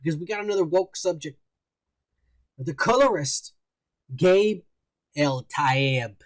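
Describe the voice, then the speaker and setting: Podcast co-host, male, higher voice, swears a lot, rambles through news items in loose banter. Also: expressive, slow, no echo. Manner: profane, rambling, mocking news reading. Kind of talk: casual crude banter.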